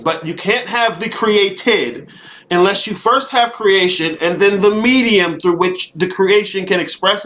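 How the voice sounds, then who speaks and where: A man's voice: high-pitched, sharp tone. A man hosting a live monologue, preaching about time and spirit in a profane, heated rant, often repeating himself and asking "okay?". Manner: repeats words, frequent rhetorical "okay?". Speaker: host.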